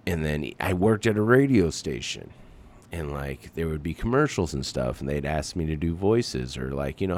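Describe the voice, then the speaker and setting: A man with an extremely deep, gravelly voice hosting his podcast. His talk rambles casually, with lightly sworn asides. His pitch still swings about in an animated way. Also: normal speed. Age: adult parent. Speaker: podcast host. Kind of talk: casual chat.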